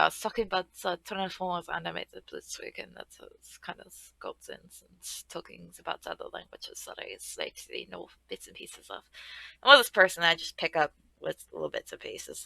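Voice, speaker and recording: A woman's voice: fairly low pitch, creaky, bright, forceful tone, no echo, rough recording. A woman streamer chatting casually and rambling through a friendly sign-off. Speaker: game streamer.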